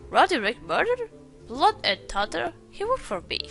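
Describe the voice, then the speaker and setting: A woman's voice: very high-pitched, wildly swooping pitch, normal speed, vocal fry, a bit bright, soft background music, voice pushed up, exaggerated voice. A woman voicing a grasping, self-pitying male pawnbroker in a detective game, reading his lines aloud. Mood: indignant. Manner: read aloud from on-screen text.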